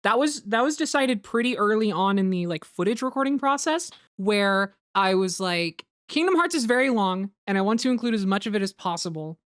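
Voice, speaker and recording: A woman in casual commentary chat, talking quickly with lots of fillers and some swearing. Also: medium pitch, expressive, dry recording, clean studio sound. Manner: fast, swearing, many fillers. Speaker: show creator and host.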